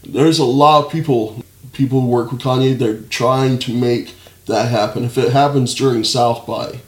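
A man's voice: medium pitch, normal speed. Laid-back man telling stories, echoey. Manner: relaxed storyteller, frequent fillers and laughs. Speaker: guest, videographer. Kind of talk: casual interview chat.

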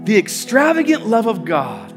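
A man with an American accent preaching a conversational, animated sermon as pastor, often repeating words and acting out voices. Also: sits high, moderate pace. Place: church sanctuary. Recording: church hall reverb with music behind. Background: soft instrumental music.

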